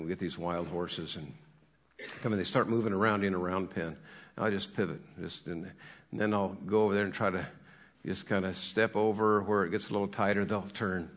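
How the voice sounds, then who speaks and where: A middle-aged man, a horse trainer and cowboy preacher, telling folksy stories about horses and acting out what they think. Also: low-pitched. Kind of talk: folksy storytelling with a sermon message.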